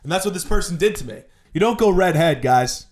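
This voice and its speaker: A man's voice: high-pitched, animated, fairly quick, a little mellow. Mock-outraged young man ranting. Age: 20s. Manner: mock-indignant, exaggerated complaining. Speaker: comedy podcast host. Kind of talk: comedic rant monologue.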